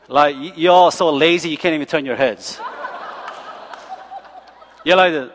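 A man preaching a sermon as pastor, animated and joking, often checking in with the congregation by asking "okay?" and "right?". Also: on the high side, normal speed, a little hiss or hum. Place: church sanctuary. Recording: long church hall reverb.

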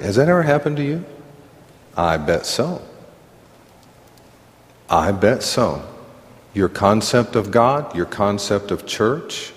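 Middle-aged male pastor, slow and earnest, conversational sermon with self-deprecating laughs, church hall reverb. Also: fairly low pitch. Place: church sanctuary.

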